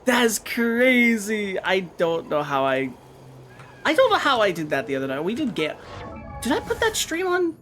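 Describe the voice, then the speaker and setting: A woman streaming a game, chatting casually with her viewers in an excitable, talkative way and swearing now and then. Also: on the low side, normal speed, soft background music.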